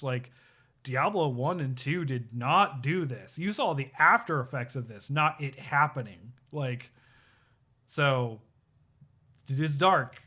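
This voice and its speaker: Bright-voiced chatty man. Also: medium pitch, unhurried. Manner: animated storyteller, acts out quotes, many fillers. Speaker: podcast co-host. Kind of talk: casual chat about video games.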